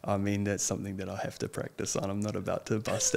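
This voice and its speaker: A young man, a guest chatting casually in an interview, earnest and hesitant, often pausing with ums. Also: lowish voice, steady tone, vocal fry, a little mellow. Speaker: guest, lawyer and wrestler.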